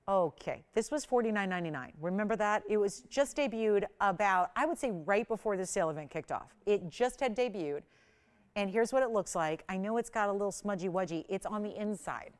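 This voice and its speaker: A woman hosting a live jewelry shopping show, chatting and selling with upbeat patter and bursts of excitement. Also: mid-range voice, normal speed. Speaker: shopping channel jewelry host. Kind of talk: live home shopping presentation.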